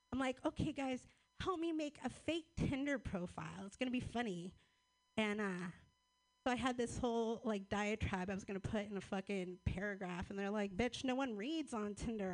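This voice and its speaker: A woman's voice: medium pitch, normal speed. A woman comic telling crude, laid-back stories from her set. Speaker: stand-up comic. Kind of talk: stand-up set, then feedback chat.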